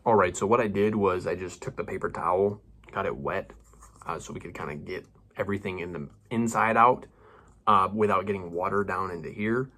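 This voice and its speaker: A man's voice: sits low, a little fast, sharp tone. A young man casually talking through a hobby perfume-mixing vlog, rambling and self-mocking with slangy asides.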